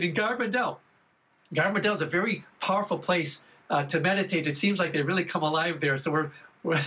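A man's voice: high-pitched, bright, forceful tone. A man giving an earnest personal testimony at a faith gathering, retelling his prayers as dialogue.

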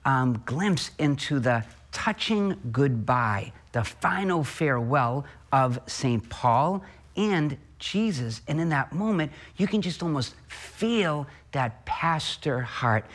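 A Catholic priest, a man, reading the gospel and then preaching a homily at Mass, earnest and full of rhetorical questions. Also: mid-range voice.

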